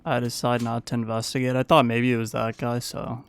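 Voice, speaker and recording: A man recapping his gameplay in a casual, playful voice-over, the way a gaming channel host talks his audience through a match. His voice sits at a middle pitch with a gravelly, fry-touched edge, while staying smooth and clear. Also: flat delivery, brisk. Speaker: gaming YouTuber.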